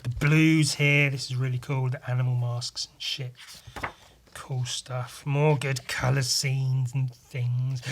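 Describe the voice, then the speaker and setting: A man's voice: mid-range voice, level tone, takes it slowly, slight background noise. A man hosting a casual solo podcast, rambling, swearing freely and poking fun at himself. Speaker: podcast host.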